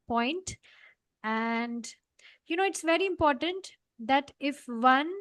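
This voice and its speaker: High-voiced woman leading scripture class. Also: no room sound. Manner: earnest, explaining, frequent "you know" fillers. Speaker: study group leader.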